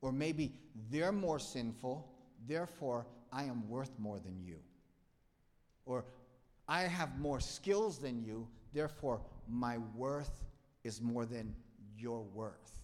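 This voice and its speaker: Young male preacher, self-mocking and playful, mid-pitch voice, long hall reverb. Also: lively intonation, slow. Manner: playful and self-mocking, jumps from quiet asides to loud emphatic bursts. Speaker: pastor. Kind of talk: sermon.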